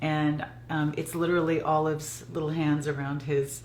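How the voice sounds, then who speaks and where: Low-voiced woman host, roomy sound. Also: flat delivery, moderate pace, darkish tone. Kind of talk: casual chat. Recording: roomy with faint noise.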